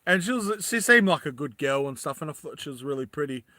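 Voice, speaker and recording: A man's voice: fairly high pitch, lively intonation, fast, bright, forceful tone, dry recording. A man talking casually on a livestream, rambling and often laughing as he addresses his viewers.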